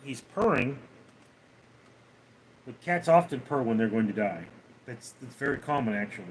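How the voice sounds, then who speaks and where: A man hosting a casual livestream, talking to his cat and answering viewer comments in a relaxed, unhurried way with frequent fillers. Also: mid-range voice, slight background noise, low-quality recording. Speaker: livestream host. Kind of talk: casual live-stream chat, reading viewer comments aloud.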